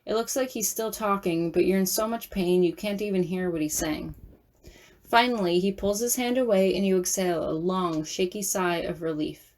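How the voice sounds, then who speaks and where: A woman reading a second-person fan-fiction story aloud as narrator, in a steady, even storytelling manner. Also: fairly low pitch, moderate pace. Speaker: audiobook narrator.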